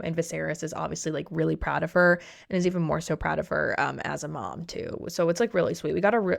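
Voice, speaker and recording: Young woman, low and a bit creaky, casual gossipy recap, quick voiced asides, swears a lot. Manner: gossipy, swears freely, acts out characters' lines in quick asides. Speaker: YouTuber recapping a TV series.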